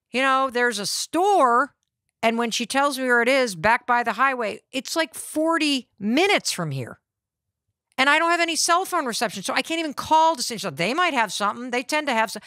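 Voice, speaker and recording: A middle-aged woman hosting a podcast, telling a personal story with lively acted-out quotes of the people in it. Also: fairly high pitch, a little fast, dry recording, clean studio sound. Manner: acts out quoted voices of family and ranger. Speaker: podcast host.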